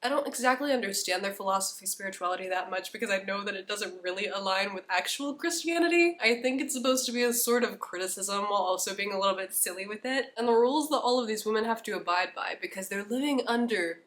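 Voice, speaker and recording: A woman's voice: medium pitch, quick pace, hardly any pauses, fairly bright tone, a little hiss or hum. Congested young woman gushing about books. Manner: rambling, gushing, self-deprecating. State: congested with a cold. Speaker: book vlogger. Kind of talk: casual book review vlog.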